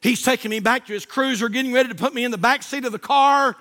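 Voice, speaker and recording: Preacher, male, folksy and animated, highish bright tone, storytelling sermon. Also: quick pace. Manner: folksy, animated, says "man" often. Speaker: pastor.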